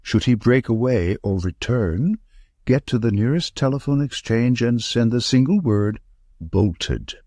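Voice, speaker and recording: A man's voice: mid-range voice, animated, a little slow, warm tone, no echo, studio quality. A man voicing a grave, commanding male detective who speaks with emphasis. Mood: stern.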